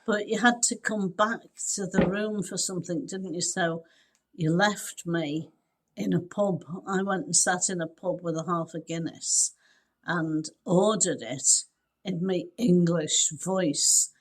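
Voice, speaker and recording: A woman's voice: on the low side, a little slow. Chatty woman co-host telling travel stories. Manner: lively storyteller, acts out quoted dialogue and laughs often. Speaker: podcast co-host. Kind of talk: casual chat.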